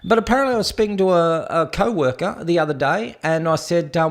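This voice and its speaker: A man's voice: fairly high pitch, lively intonation, fast, few pauses. An Australian man hosting a casual livestream, talking in a blunt, crude, rambling way with lots of fillers. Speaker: streamer host.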